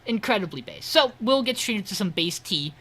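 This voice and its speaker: A man co-hosting a podcast, casually recapping an episode with animated storytelling and swearing, over a remote call. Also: sits high, normal speed. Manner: animated retelling, swears, quotes characters. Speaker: podcast co-host.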